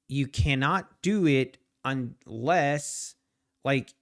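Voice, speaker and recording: Casting note: man, live trading streamer, unhurried delivery, clean resonant tone, a bit high-pitched. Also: smooth. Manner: rambling, talks to the market and to chat viewers. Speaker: trading livestream host. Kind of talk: casual live commentary while trading.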